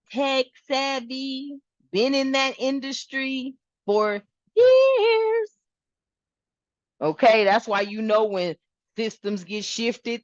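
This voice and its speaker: A woman hosting a spiritual channel, talking casually to her viewers in an animated, rambling way and swearing freely. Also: fairly high pitch, no echo, highs cut off.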